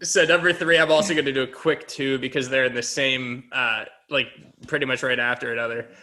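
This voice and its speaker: A man's voice: medium pitch, fairly even intonation, a little fast, pushed and bright. A young man co-hosting a podcast in casual chat, laughing often as he retells favorite movie lines. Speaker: podcast co-host.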